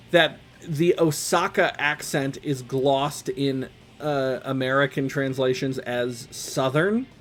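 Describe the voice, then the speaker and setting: A streamer plays a fighting game and comments casually in a mid-range, fairly bright male voice. He's chatty and wry, frequently wandering off on tangents.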